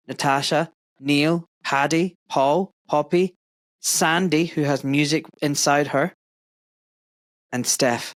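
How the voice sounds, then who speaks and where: A man's voice: mid-range voice, a bit bright, no echo. A middle-aged man from Glasgow with a Scottish accent, hosting a podcast and speaking earnestly and effusively, rambling with fillers. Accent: Glaswegian Scottish. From Scotland. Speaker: podcast host. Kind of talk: warm conversational interview.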